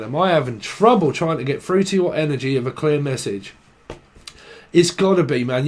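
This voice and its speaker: A man giving a casual, rambling tarot reading, swearing freely, chuckling and acting out people's inner voices. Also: on the high side. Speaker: tarot reader.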